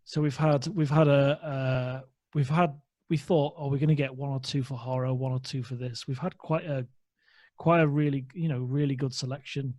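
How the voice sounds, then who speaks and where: A man's voice: medium pitch, steady tone, moderate pace, a little mellow, no room sound. A man hosting a podcast interview in a chatty way, often restarting his sentences. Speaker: podcast host. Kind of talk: casual interview chat.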